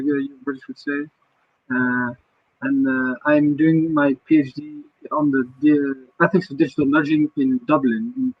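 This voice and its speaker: A man's voice: a little high, no echo, muffled recording. A man, a doctoral researcher on a panel, speaking hesitantly with many fillers.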